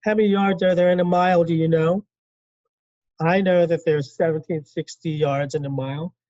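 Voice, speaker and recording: Dark-voiced man lecturing a class. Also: on the high side, fairly even intonation, normal speed, dry recording, muffled recording. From California. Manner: conversational, asks the class questions and acts out little quotes. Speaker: teacher.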